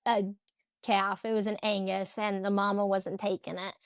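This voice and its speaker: A woman's voice: medium pitch, flat delivery, moderate pace, clear, resonant tone, dry recording, clean studio sound. A young woman from Central Illinois, a cattle breeder and interview guest, chatting casually and laughing often as she tells stories. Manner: giggly storyteller, acts out quoted voices.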